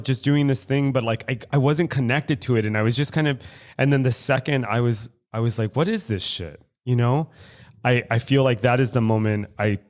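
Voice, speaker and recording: A man telling a personal story as guest co-host on a casual podcast, animated, laughing often and swearing. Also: medium pitch. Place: recovery club room in San Francisco.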